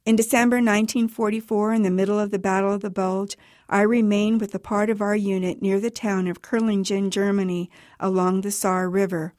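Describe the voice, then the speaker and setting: A woman author reads her own personal account aloud for radio, telling it in a measured, even way. Her voice is medium-pitched, and the clean studio sound has no echo.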